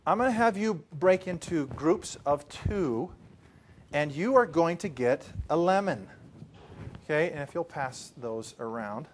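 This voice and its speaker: Animated higher-voiced male trainer. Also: measured pace, a little hiss or hum. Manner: animated, swings from hushed to loud. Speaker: presentation trainer. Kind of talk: lively storytelling to a training group.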